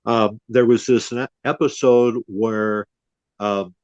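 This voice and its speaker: A man's voice: fairly low pitch, fairly even intonation, a little mellow, no echo. An older man hosts a podcast and unhurriedly recounts a memory, circling back with "and, uh" as he goes. The recording sounds dull and lo-fi, with no room sound at all. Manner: storytelling, unhurried with many "and, uh" restarts. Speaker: podcast host. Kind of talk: casual chat. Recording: dull, dry lo-fi audio.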